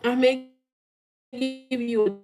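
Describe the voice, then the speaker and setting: A woman's voice: high-pitched, little pitch movement, slow pace, poor audio. A woman hosting a live tarot stream, chatting casually with her viewers and laughing often.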